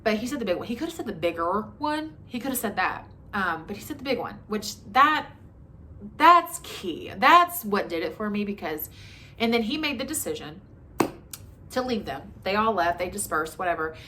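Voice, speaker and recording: A woman's voice: medium pitch, lively intonation, fairly quick, a bit bright, slight background noise. A woman in her twenties telling a frank personal story to her camera, talking conversationally with many likes and ums. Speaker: vlogger. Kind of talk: candid storytime monologue.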